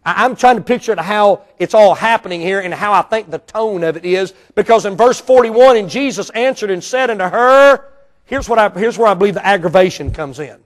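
A preacher with a notably high-pitched male voice delivers an emphatic sermon. He drops to near-hushed asides, then climbs to loud, ringing outbursts. The sound is that of a man preaching in a church auditorium. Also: animated, brisk. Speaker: Baptist pastor.

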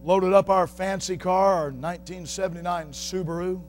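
A middle-aged male preacher giving a sermon, shouting at the top of his voice at times and dropping to quiet storytelling at others. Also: high-pitched, steady tone, moderate pace, slight background noise.

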